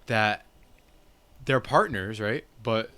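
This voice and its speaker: Young guy on a podcast reading his own story, kinda low voice, says like a lot, lots of restarts. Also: slow pace, sharp tone. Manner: rambling, restarts, lots of 'like'. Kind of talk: casual chat.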